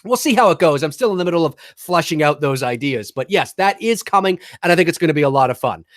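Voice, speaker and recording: Chatty, animated man with a dry sound. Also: on the high side, fast, no room sound. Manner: rambling, animated, restarts, swears casually. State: talking with a lozenge in his mouth. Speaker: podcast co-host. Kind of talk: casual live-stream chat.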